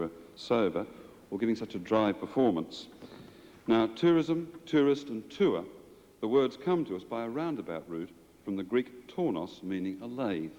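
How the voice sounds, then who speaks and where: A man's voice: low-pitched, a little mellow, muffled recording, slight background noise. An Australian man hosting an awards night, delivering a dry, wry and satirical comic speech in a large banquet hall. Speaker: awards host. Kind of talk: comic after-dinner speech. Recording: reverberant hall with audience.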